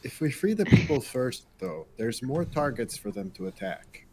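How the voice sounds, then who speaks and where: A man player in a tabletop game, speaking haltingly and searching for words. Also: medium pitch, very animated, gravelly, a little mellow, a little hiss or hum.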